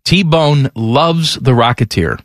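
A man's voice: mid-range voice, takes it slowly, dry recording. A man hosting a sports talk radio show, teasing his co-host with dry humor. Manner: wry, teasing. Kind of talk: casual radio banter and live ad reads.

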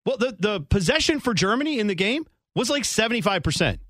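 A man's voice: sits high, sing-song, fast, fairly bright tone, no room sound. A man hosting a sports radio show in casual talk, dry and playful, stretching out his questions and explaining games at length. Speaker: radio host.

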